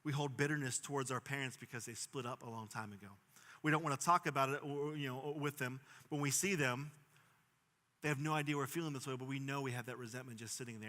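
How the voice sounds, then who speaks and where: A young man preaching a sermon as pastor, earnest, swinging from emphatic bursts to quiet, low stretches. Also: quick pace, big-room sound. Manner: earnest, rising to emphatic bursts then dropping soft.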